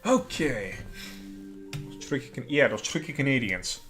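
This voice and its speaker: A man's voice: mid-range voice, expressive, normal speed, a bit bright, faint music behind. A man hosting a casual live stream at home, muttering to himself as he works and tossing off dry, sarcastic asides. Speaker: livestream host.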